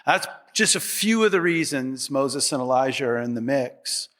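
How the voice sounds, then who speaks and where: A man's voice: medium pitch, expressive, normal speed, fairly bright tone. A middle-aged man preaching a sermon as pastor, conversational and humorous, with asides to the congregation.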